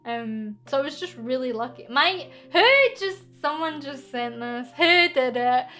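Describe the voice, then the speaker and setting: A woman's voice: sits high, a little slow, pushed and bright. A young Scottish woman streaming, chatty and giggly as she reads viewer questions aloud and answers them. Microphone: studio microphone.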